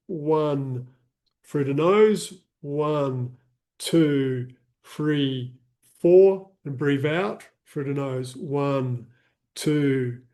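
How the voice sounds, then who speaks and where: A man leading a live guided breathing session, counting breaths in a calm, soothing way and explaining the practice casually. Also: mid-range voice. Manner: casual explaining with fillers, reads chat comments.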